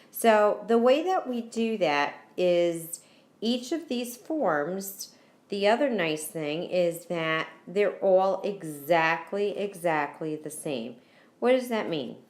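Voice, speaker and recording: Woman teacher going slow n patient, spells stuff out, kinda low voice. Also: reverberant. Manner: patient, repeats key points, spells out endings letter by letter. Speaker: Spanish teacher. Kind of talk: recorded whiteboard lesson.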